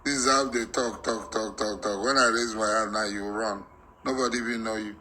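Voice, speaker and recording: Man from Nigeria, middle-aged, heated monologue, repetitive, very sharp tone, light background noise. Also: fairly low pitch, steady tone, fairly quick, poor audio. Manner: forceful, repetitive, defiant, rising to shouts. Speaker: political activist.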